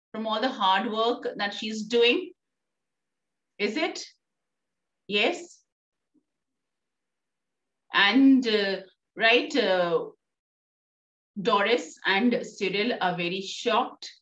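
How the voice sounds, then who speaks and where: A woman's voice: a little high, a bit bright. A woman teacher with an Indian English accent explaining a play to a class in a coaxing way, often checking in with "right?". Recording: distant, roomy, dull sound.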